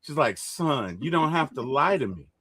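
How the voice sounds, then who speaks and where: A man telling stories in casual chat, animated and laughing when excited. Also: fairly high pitch, moderate pace, husky, no room sound.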